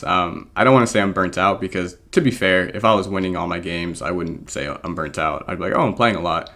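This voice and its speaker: Born in England but raised American, this draft league coach and video creator rambles through casual gameplay commentary. His voice is low with a fairly bright tone, full of ums and self-deprecating laughs.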